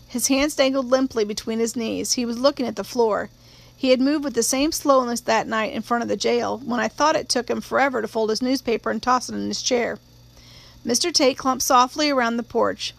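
A woman narrating a novel in a measured, steady storytelling voice. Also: on the high side, gravelly. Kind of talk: audiobook reading of a novel.

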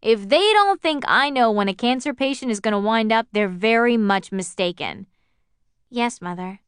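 A woman's voice: on the high side, animated, moderate pace, smooth, no echo, studio quality, natural voice. A woman reading the lines of a strict, weary middle-aged mother who works as a nurse, scolding her daughter. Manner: scolding, sharp and raised.

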